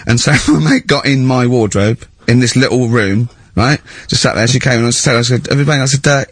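A man's voice: mid-range voice, brisk, husky, dry recording. A middle-aged man hosting a casual chat, telling stories and acting out the people in them. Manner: animated storyteller, acts out shouting characters. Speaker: podcast host.

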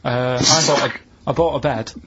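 A man tells a rambling story in a flat, deadpan way. His voice sits at an ordinary middle pitch. The studio sound is a little dull, with a faint hiss behind it. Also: normal speed. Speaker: radio show regular. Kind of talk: casual radio banter.

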